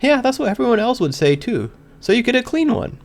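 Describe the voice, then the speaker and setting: Pinkie Pie, gentle lilting pony mare, as a man puts her on. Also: very high-pitched, sing-song, a little fast, pitched above the performer's own voice, exaggerated voice. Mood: gentle coaxing. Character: cheerful gentle pony mare, kindly coaxing.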